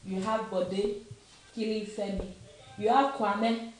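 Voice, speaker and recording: A woman's voice: medium pitch, steady tone, slow pace, faint music behind. Emphatic Nigerian woman in echoey room. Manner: emphatic, repeats questions, slips into Yoruba phrases. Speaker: commentator. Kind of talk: impassioned opinion talk. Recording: very echoey room, faint noise.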